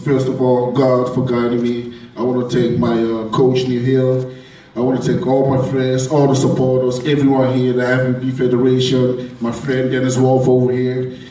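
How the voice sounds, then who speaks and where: A man's voice: medium pitch, warm tone. A man with a Brooklyn accent, a bodybuilding competitor speaking emotionally and rambling at a press conference. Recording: echoey hall from far off, noisy.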